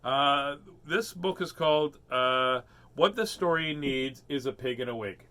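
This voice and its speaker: A man's voice: medium pitch, lively intonation, a little slow, bright, forceful tone. A man hosting a read-aloud of children's picture books, reading in a playful, rhyming sing-song way.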